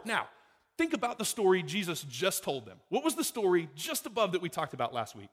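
A man delivers a sermon in a relaxed, talky way, pausing for questions to the congregation. His voice sits a little higher than most men's and swings up and down a lot. A long reverb from the hall trails after each phrase. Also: slightly rough. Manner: conversational preaching, rhetorical questions to the congregation. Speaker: pastor.

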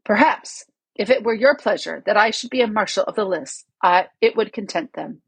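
A woman voicing a small proud male mouse knight with a shrill voice and courtly, formal speech. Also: expressive, moderate pace, vocal fry, slightly rough, dry recording, full character voice, low-quality recording.

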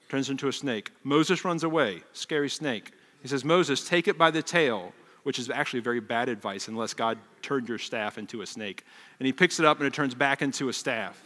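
A middle-aged man preaching a sermon with animated delivery, acting out quoted voices and dropping to a hush for emphasis. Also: a little high, normal speed. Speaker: pastor. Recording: long reverb of a large hall.

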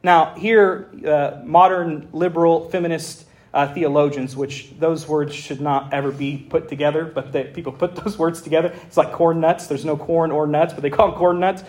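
A man preaching a sermon as pastor, reading scripture aloud in an animated way with folksy asides. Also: on the high side, moderate pace, hardly any pauses.

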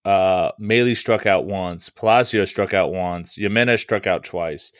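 A man's voice: deep voice, measured pace, dry recording, clean studio sound. A man co-hosting a baseball podcast, talking loosely with lots of fillers and swearing. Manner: loose and profane, many fillers. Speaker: podcast co-host. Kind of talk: casual sports podcast chat.

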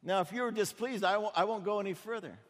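A man's voice: high voice, quick pace, big-room sound, voice pushed up, lightly acted. A man playing a greedy, hesitant male prophet who hedges and pleads. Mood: hedging. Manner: hedging, pleading.

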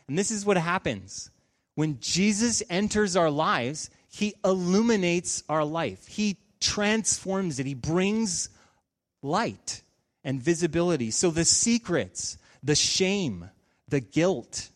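A man in his thirties, a pastor, delivers a sermon in a chatty storytelling way. His voice sits a little high, and it breaks into sudden emphatic bursts on the key points. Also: animated, takes it slowly.

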